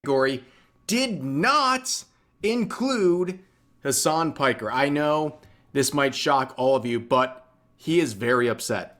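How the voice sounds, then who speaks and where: A man's voice: medium pitch, moderate pace, fairly bright tone. A man narrating a commentary video in a mocking, sarcastic way.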